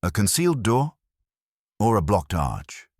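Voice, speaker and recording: Man putting on a no-nonsense cop, deep raspy voice, short sharp questions. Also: big pitch swings, a little slow, no room sound, studio quality, exaggerated voice. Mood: brisk. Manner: blunt, impatient questions. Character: brisk practical male police inspector.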